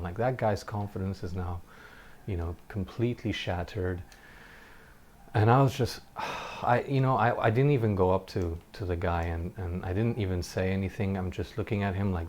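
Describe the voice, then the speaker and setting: A man's voice: deep voice, normal speed, darkish tone, a little hiss or hum. A man doing gameplay commentary, telling a personal story in an earnest, reflective way, often stopping and restarting his sentences. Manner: occasional short laughs while telling a story.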